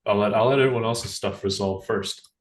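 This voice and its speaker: A man's voice: fairly low pitch, a little fast, recorded from a distance. A man chatting casually as a player in a tabletop game, often stalling and restarting. His voice comes from well away from the mic, in an echoing room. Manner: casual, hesitant, restarts, swears. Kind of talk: tabletop role-play chat.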